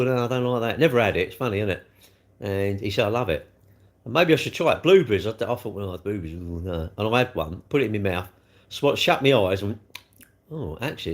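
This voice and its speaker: Chatty older man. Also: fairly low pitch. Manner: chatty, rambling, blunt. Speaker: livestream host. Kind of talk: casual chat reading viewer comments.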